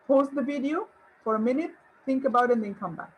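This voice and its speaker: A woman's voice: high voice, fast, poor audio. A woman English teacher giving an online grammar lesson, encouraging and asking her viewers questions. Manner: encouraging, rhetorical questions and praise.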